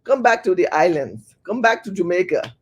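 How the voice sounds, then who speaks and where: A scornful, bossy woman supervisor with a put-on Caribbean accent, as a woman puts her on. She talks down at people in a mocking, dismissive way, her pitch swinging widely. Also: very animated, moderate pace, slightly rough.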